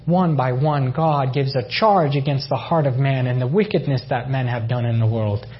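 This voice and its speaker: A man's voice: medium pitch, steady tone, normal speed, dull audio, a little hiss or hum. A man from Iran giving a personal faith testimony, telling his story with emotion and repeated phrases. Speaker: testimony speaker.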